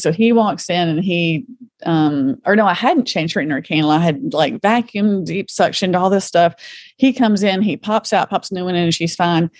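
A woman's voice: on the low side, normal speed, a little mellow. A middle-aged woman guest telling her story earnestly, with compassion and vivid retelling. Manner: faith-centered, speaks with compassion. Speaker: podcast guest. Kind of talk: conversational interview.

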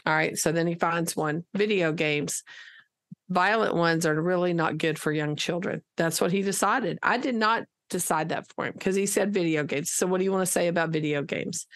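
A woman teacher tells a lively classroom story in casual conversation, acting out the dialogue as she goes, in a lowish voice at normal speed.

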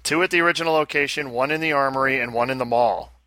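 A man's voice: medium pitch, fast, bright, forceful tone, no echo. A man co-hosting a podcast, teasing his co-host in upbeat casual chat.

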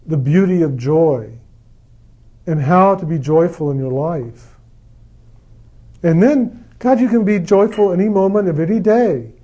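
Guy with a fairly high mellow voice giving a gentle spiritual talk, repeats himself a lot. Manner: gentle, repetitive, acts out quoted lines with mock enthusiasm. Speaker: spiritual speaker.

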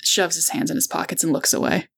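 Low-voiced woman player, hesitant. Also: steady tone, fast, creaky, a bit bright, slightly rough. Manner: hesitant, many fillers. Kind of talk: tabletop game play.

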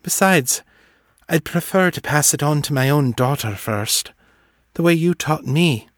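A man voicing a gentle adult female wizard, speaking softly and reassuringly in a raised voice. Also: on the high side, a little slow, no echo, clean studio sound, pitched above the performer's own voice, natural voice. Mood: tender. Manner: soft, reassuring.

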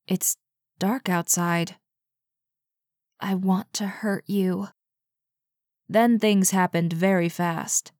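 Slow, low-voiced woman narrating a story. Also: darkish tone, no echo, clean studio sound. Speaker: audiobook narrator. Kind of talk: scripted narration.

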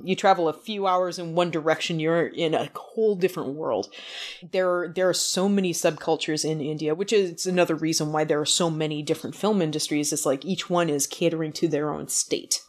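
A woman with a somewhat low voice in an easygoing conversation. She explains her points in a relaxed, chatty way. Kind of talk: casual chat about films.

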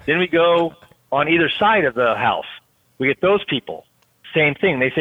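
A man who works as a SWAT canine handler, explaining his unit's training and procedures in a steady, detailed way with frequent fillers. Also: fairly high pitch, normal speed, no echo. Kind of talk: casual podcast chat. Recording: tinny phone-like line, dry.

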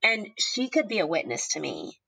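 A woman in her thirties telling a deeply personal story, at times tearful, halting with ums and restarts. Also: wildly swooping pitch, gravelly, fairly bright tone, slightly rough, rough recording. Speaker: guest sharing a personal story.

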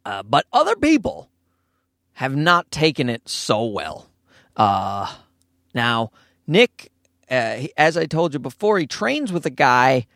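A man hosting a podcast, telling a story casually, profane and animated, often laughing. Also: medium pitch, takes it slowly, vocal fry, no room sound, clean studio sound.

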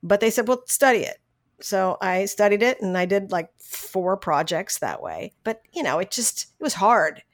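Woman, middle-aged, voice actress, casual interview, animated, laughs a lot, restarts sentences. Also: medium pitch, moderate pace, hardly any pauses. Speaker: voice actress guest.

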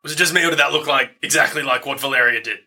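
A man's voice: medium pitch, bright, forceful tone. A man voicing a stunned male companion who trips over his words while speaking in a tabletop game. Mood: shaken. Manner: halting, tripping over words.

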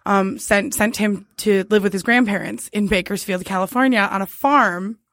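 A woman's voice: mid-range voice, fairly even intonation, moderate pace, fairly bright tone, no echo, studio quality. A young woman telling a dating story in casual chat, laughing often. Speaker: podcast co-host.

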